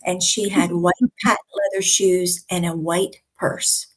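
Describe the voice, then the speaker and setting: A woman in her sixties hosting and coaching, teaching in a conversational way with deliberate pauses. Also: fairly low pitch, little pitch movement. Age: 60s. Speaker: host and speaking coach.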